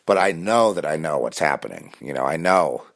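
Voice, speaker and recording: Low-voiced man, intense rambling monologue, repeats himself and restarts a lot. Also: animated, moderate pace, vocal fry. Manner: intense, insistent.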